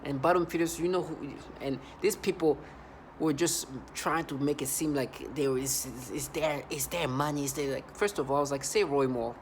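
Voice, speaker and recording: A man's voice: on the high side, steady tone, normal speed, slight background noise. A man vlogging an angry monologue, agitated and repetitive, often stumbling and restarting his sentences.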